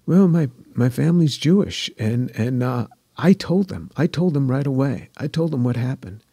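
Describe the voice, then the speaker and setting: A man in his sixties tells his story earnestly, often repeating himself and dropping to a hushed voice. His voice is gravelly and husky, a little higher than most men's. It is recorded close and dry. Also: expressive, normal speed, dry recording. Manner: earnest, repeats phrases, soft and hushed when moved. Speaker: guest, scientist. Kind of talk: earnest personal testimony in conversation.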